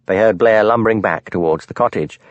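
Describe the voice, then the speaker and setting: A man narrating a mystery audiobook in a measured, expressive storytelling manner. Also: lowish voice, no room sound, muffled recording.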